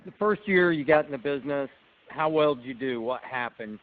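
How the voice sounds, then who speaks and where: A man's voice: mid-range voice, brisk. A man interviewing a guest on a webinar, asking probing follow-up questions. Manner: probing, asks for timelines. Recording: tinny phone line with clear hiss.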